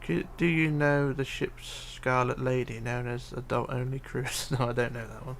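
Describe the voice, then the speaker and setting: A man's voice: medium pitch, fairly even intonation, moderate pace, creaky, a little hiss or hum. A man streaming live, reading viewer comments aloud and muttering to himself as he builds, with hesitant fillers. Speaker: livestreamer. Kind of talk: casual live stream chat while building.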